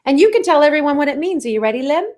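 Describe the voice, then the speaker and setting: A woman's voice: high voice, expressive, racing, darkish tone, voice pushed up. A woman voicing a polite, grandly dramatic one-fanged female vampire with a put-on British accent and a lisp. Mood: theatrical. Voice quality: lispy.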